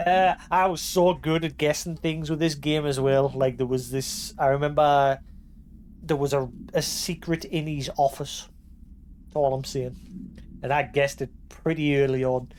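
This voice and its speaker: A streamer casually playing a game live, reading in-game documents aloud in a measured cadence between offhand asides. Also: mid-range voice, fairly even intonation, darkish tone, a little hiss or hum. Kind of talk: live gameplay commentary.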